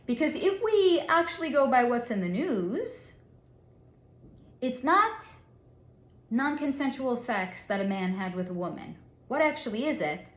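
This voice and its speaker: A woman's voice: fairly high pitch, reverberant. Blunt, swearing woman psychic. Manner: blunt and candid, swears freely, spells out crude words. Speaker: psychic reader. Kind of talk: relaying a channeled reading.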